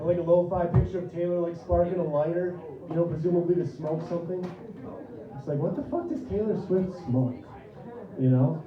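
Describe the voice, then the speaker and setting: Profane stand-up comic in a distant room. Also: male voice, high-pitched. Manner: loose, profane, laughs at own jokes. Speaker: stand-up comedian. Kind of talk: stand-up comedy set. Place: comedy club stage. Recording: roomy, distant, dull club recording.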